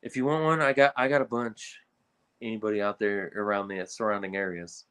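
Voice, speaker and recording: A man speaking as a reptile breeder guest in a casual podcast conversation, talking in a blunt, animated and exasperated way. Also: fairly low pitch, a little fast, smooth.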